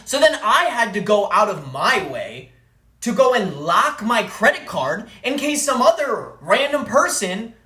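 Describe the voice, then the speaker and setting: A woman's voice: on the high side, very animated, a little slow, sharp tone, reverberant. A woman streamer telling a story in an angry, profane rant, repeating phrases for emphasis. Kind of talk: ranting live-stream story.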